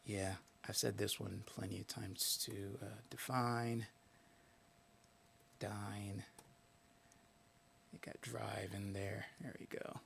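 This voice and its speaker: Male streamer, low gravelly voice, casual, mutters words under his breath while thinking. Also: level tone, takes it slowly, pauses often, a bit bright, a little hiss or hum. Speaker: live-stream host. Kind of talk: casual live-stream talk.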